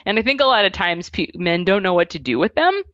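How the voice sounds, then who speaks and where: Animated woman musician, lo-fi sound. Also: mid-range voice, fast, no room sound. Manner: animated storytelling with acted-out quotes. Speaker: musician guest. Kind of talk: casual interview chat.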